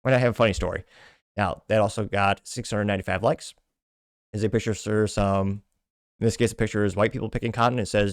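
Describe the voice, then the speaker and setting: A man's voice: fairly low pitch, fairly even intonation, a little fast, no echo, clean studio sound. A man hosting a podcast, casually reading social media comments aloud in a stumbling, self-deprecating way with frequent restarts. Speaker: podcast host.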